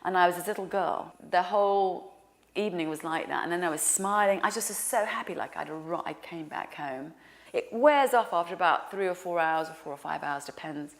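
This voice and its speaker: A woman telling a personal story in an animated way, dropping to a hushed whisper for quoted lines. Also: on the low side, a little fast. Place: lives in New York.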